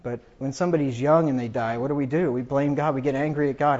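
A man's voice: mid-range voice, steady tone, fast, few pauses, a little mellow, lo-fi sound. A man preaching a funeral sermon, reading scripture aloud with rising emphasis.

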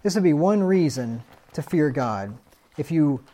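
A man's voice: on the high side, expressive, a little slow, warm tone. A middle-aged man preaching in a conversational way, reading scripture aloud and chuckling at his own stories. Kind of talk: Bible study sermon.

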